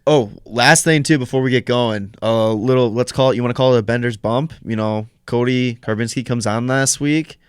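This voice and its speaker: A man's voice: mid-range voice, moderate pace, few pauses, clean tone, no echo, studio quality. A young man hosting a podcast, laughing and swearing in casual banter. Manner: laughing, loose, swears often. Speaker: podcast host.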